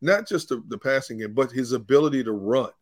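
A man's voice: medium pitch, a little fast, no echo, studio quality. A man working as a football reporter and analyst, earnestly explaining and repeating his points on a sports talk show.

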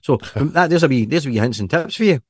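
A man's voice: on the high side, lively intonation, quick pace, breathy edge, no echo, clean studio sound. Rambling Scottish man chatting. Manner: rambling with many restarts and fillers. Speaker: podcast co-host. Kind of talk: casual chat.

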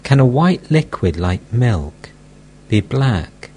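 Timid male disciple, deferential, hesitant, read by a man, slow delivery. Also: mid-range voice, big pitch swings, warm tone, a little hiss or hum. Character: timid married male disciple, humbled and polite.

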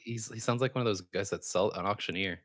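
A man's voice: fairly low pitch, quick pace, a bit bright, no room sound, studio quality. A man co-hosting a comedy podcast, playful and joking, slipping into put-on British accents. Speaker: podcast co-host.

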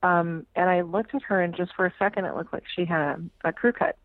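A frank, plain-spoken woman tells stories as a guest on a radio talk show, swearing freely and slipping into the voices she quotes. Her voice sits at a middle pitch. It comes through a narrow, tinny band, like a phone line. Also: brisk, dry recording. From United States. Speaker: tarot reader, guest. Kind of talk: casual storytelling interview.

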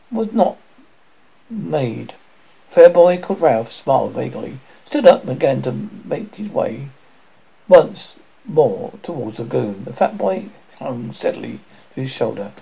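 Gravelly, husky man reading a novel. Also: medium pitch. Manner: animated reading with slips and self-corrections. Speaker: narrator. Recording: dull lo-fi recording.

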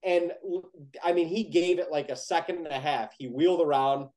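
Young man telling an animated story. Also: a little high, moderate pace, rough recording. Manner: animated, heavy use of "like", excited retelling. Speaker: podcast guest telling a hunting story. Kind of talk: casual storytelling.

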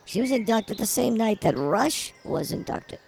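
A woman's voice: mid-range voice, lively intonation, normal speed, gravelly, a little mellow, slight background noise. A woman co-hosting an improvised comedy podcast outdoors at a zoo, rambling in silly, mock-defiant banter. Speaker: podcast co-host.

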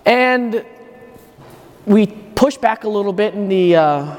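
Speaking from the front of a church during a homily at Mass, a priest tells a personal story in a loose, conversational way, as if thinking aloud. His voice sits high and is animated yet slow, and every sentence fades into a long, echoing reverb from the hall.

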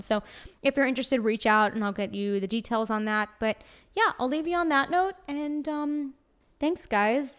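A woman's voice: medium pitch, smooth. A young woman hosting a solo podcast in a put-on Brooklyn accent, brash, chatty and swearing constantly. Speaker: podcast host. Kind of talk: casual solo podcast monologue.

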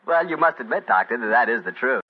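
Salesy cheerful announcer guy, kinda husky, bouncy pitch, old radio sound. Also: animated, quick pace. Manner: jovial, salesy. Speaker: show announcer. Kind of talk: sponsor pitch in radio banter. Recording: dull lo-fi 1940s radio recording.

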